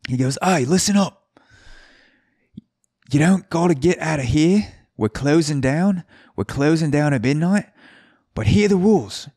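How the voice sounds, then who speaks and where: A man putting on a rough Australian accent to play a brash, loud male bartender announcing bar rules. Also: animated, unhurried, pauses often, dry recording, studio quality, full character voice. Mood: bossy. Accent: Australian, admittedly poor imitation. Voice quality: shouty, high and punchy.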